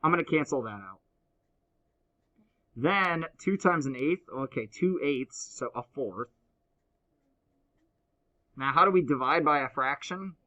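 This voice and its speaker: Playful math teacher, slightly high voice. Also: male voice, lively intonation, a little slow, pauses often, bright, forceful tone, muffled recording. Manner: playful, teasing banter with students. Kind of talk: classroom lecture. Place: classroom.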